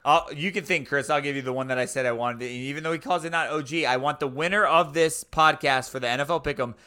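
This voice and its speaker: A man's voice: a little high, fast talker, pushed and bright, clean tone. A man co-hosting a podcast in casual chat, insistent and laughing often. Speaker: podcast co-host.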